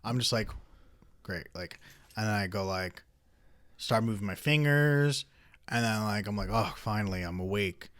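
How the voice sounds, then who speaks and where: Bright-voiced young man telling a rambling story. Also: lowish voice, moderate pace, long pauses. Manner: rambling storyteller with many fillers and restarts. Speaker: podcast co-host. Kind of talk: casual chat.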